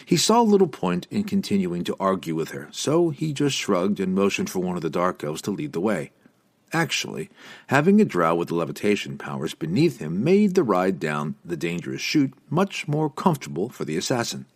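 A man narrating a fantasy audiobook in an expressive, dramatic way. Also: sits low, normal speed.

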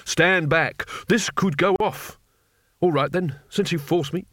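A man's voice: on the high side, slow, a bit bright, no echo, studio quality, pitched above the performer's own voice. Rincewind, a panicky wizard, as a man voices him. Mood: bluffing. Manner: nervous, bluffing, rising to a yelp. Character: cowardly bumbling male wizard, panicky and boastful. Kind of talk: audiobook character voice.

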